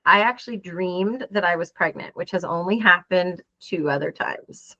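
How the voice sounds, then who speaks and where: A woman's voice: fairly low pitch, moderate pace, sharp tone, no room sound. A woman in her forties telling a personal story in an interview, earnest and acting out the dialogue as she goes. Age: 40s. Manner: earnest, acts out quoted dialogue. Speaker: interview guest. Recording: dull, dry lo-fi sound.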